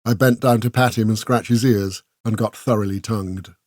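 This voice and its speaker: A man narrating an audiobook in a measured, scripted reading voice. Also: lowish voice, fairly even intonation, a little mellow, dry recording, clean studio sound.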